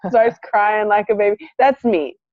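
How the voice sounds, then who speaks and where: A woman's voice: mid-range voice, normal speed, no echo. A woman telling a story in casual chat, laughing often and acting out the quotes of the people in it. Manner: animated, laughing, acts out quotes. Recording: muffled lo-fi, dry.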